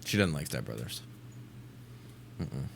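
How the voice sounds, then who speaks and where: A man's voice: a bass voice, animated, unhurried, gravelly. A man co-hosting a podcast in casual chat, dry and skeptical, mostly giving short replies. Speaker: podcast co-host.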